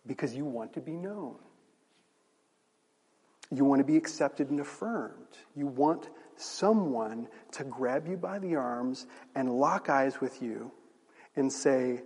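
A man's voice: mid-range voice, a little slow, a little mellow, slightly rough. A male pastor preaching a sermon, conversational and asking the audience rhetorical questions. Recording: long reverb of a large hall.

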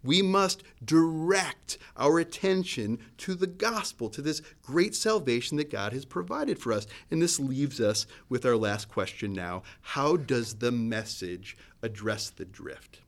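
A man's voice: measured pace, few pauses. A man preaching a sermon in a conversational, searching way, often restarting his sentences. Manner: conversational, searching, with restarts and lively swings in pitch and loudness. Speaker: pastor.

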